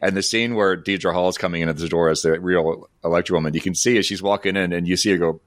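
A man co-hosting a podcast, talking easily about old TV shows, thinking out loud as he goes. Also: low-pitched, fairly even intonation, fast talker, no echo, studio quality. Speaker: podcast co-host.

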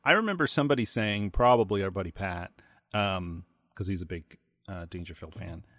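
A man with a low voice co-hosting a podcast in casual chat. He talks in an easygoing, storytelling way. The recording is dry and close. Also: a little fast, a bit bright, no echo. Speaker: podcast co-host.

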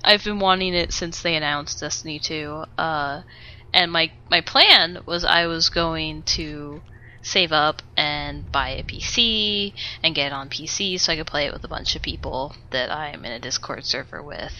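A woman's voice: low-pitched, unhurried, sharp tone. A woman co-hosting a podcast, ranting animatedly in casual chat and swearing freely. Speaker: podcast co-host. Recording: dull lo-fi podcast audio.

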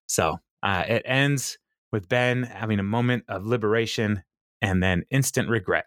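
Male podcast co-host with a fairly low voice; chatty sitcom recaps, frequent laughter, dry booth sound. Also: unhurried, dry recording. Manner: laughs often, quotes characters in animated voices. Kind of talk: casual chat.

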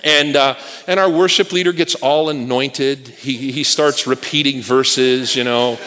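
A man's voice: medium pitch, lively intonation, a little slow, hardly any pauses, background noise. A man preaching a sermon to a congregation, telling stories with humorous asides. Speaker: guest preacher. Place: church sanctuary with congregation. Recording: long reverb of a large hall.

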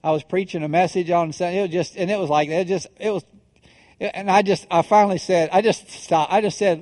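A middle-aged man preaching from the pulpit, his voice sitting a little high for a man. He tells jokes at his own expense with stops and restarts, then slows into grave, deliberate phrasing. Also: fairly even intonation, a little mellow. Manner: self-deprecating storyteller, halting restarts, then measured solemn delivery. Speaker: pastor. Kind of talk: sermon with humorous stories.

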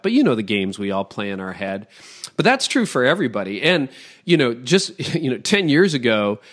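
Animated middle-aged pastor from Toronto. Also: male voice, fairly low pitch. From Toronto, Canada. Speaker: pastor and podcast guest. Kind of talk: conversational podcast interview.

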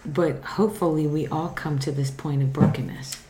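A woman's voice: low voice, fairly even intonation, roomy sound, noisy background. A woman co-hosting a faith podcast, talking earnestly about faith and then leading a prayer. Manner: earnest, reflective, pauses and restarts. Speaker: podcast co-host. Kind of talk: casual Bible discussion and spoken prayer.

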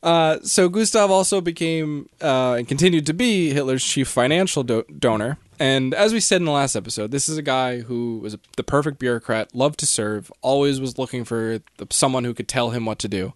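A man's voice: mid-range voice, brisk, few pauses, no echo, clean studio sound. A man hosting a casual history podcast, telling the story with jokes and laughter. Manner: joking, laughs often. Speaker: podcast host.

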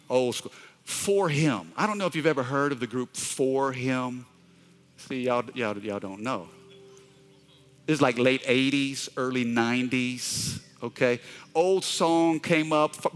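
A middle-aged man, a pastor, preaching a sermon with emotional, animated storytelling and touches of humor. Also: medium pitch.

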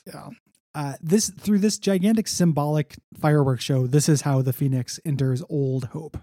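A man's voice: on the high side, moderate pace, mellow, dry recording. A man co-hosting a comic book podcast, recapping issues in a wry, rambling casual chat with dry jokes.

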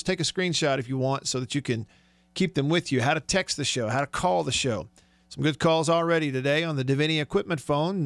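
A chatty man hosts sports talk radio with an upbeat manner and frequent laughs. His voice sits a little high for a man. The studio mic gives a dry, close sound. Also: dry recording. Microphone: studio microphone.

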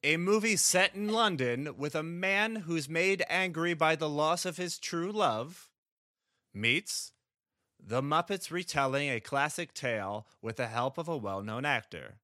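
A man runs a casual movie quiz, his voice fairly high and strongly bright. The sound is close and dry. He reads long clue questions, counts down, and calls answers correct or incorrect. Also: animated, measured pace, no room sound. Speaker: quiz host.

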